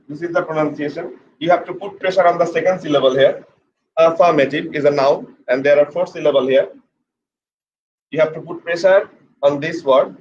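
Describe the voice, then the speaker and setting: A man with a slightly high voice gives a pronunciation lesson. He speaks slowly, spells each word letter by letter and repeats it. The recording sounds a bit muffled, with a faint hiss behind him. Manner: slow, repeats words and spells them out letter by letter. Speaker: English teacher. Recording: slightly dull with faint background noise.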